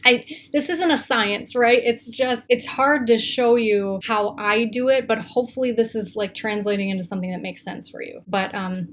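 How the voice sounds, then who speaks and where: A woman's voice: a little high, moderate pace, hardly any pauses, a bit bright, a little hiss or hum. A young woman casually explaining singing technique in a chatty tutorial, with lots of fillers.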